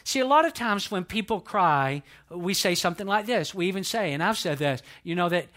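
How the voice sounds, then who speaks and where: A male pastor preaching with a bright, ringing voice pitched a little high. He presses his points with earnest emphasis and calls on the congregation to answer, then sinks to a hushed, grieving softness. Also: expressive, fairly quick. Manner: earnest, emphatic preaching with call-and-response, dropping soft when emotional. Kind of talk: sermon.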